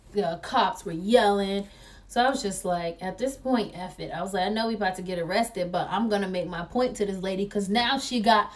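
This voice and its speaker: Casting: young woman vlogger, animated storyteller, mid-pitched voice, set a little back from the mic. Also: recorded from a distance. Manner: excitable, acts out quoted voices.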